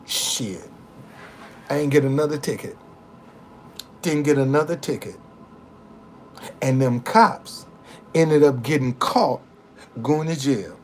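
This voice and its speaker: An older man telling a personal story in a casual, profane, animated way, often restarting and repeating words. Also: medium pitch, slow, pauses often, a little hiss or hum.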